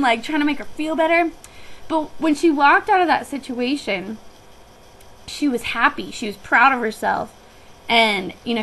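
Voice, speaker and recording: A woman's voice: a little high, a bit bright, rough recording. A young woman who works on a guest ranch, telling a personal story in a chatty, reflective way with frequent restarts.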